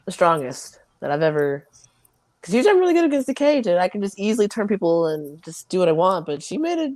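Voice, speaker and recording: Lively young woman fighter being interviewed. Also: fairly low pitch, fast, dry recording. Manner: laughing, chatty. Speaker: MMA fighter, guest. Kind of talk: casual interview.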